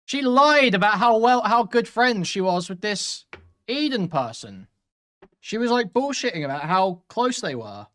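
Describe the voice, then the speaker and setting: A man reacting to online posts in a loud, animated commentary style, swearing freely as he goes. His voice sits a little high for a man. He is recorded on a studio mic in a room with sound deadening. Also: a little slow. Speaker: commentary host.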